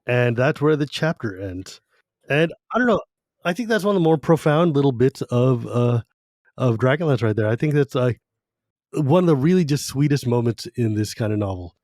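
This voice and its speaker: A man's voice: mid-range voice, animated, darkish tone, no echo, studio quality. Enthusiastic male podcast co-host. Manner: enthusiastic, retells scenes in quick voices. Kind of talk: casual book discussion.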